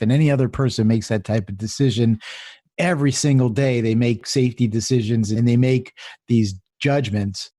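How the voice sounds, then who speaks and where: A man's voice: mid-range voice, warm tone, no room sound, clean studio sound. A male podcast co-host talking firmly and reassuringly in support of his guest. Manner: firm, reassuring pushback on the guest's behalf. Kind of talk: conversational podcast interview.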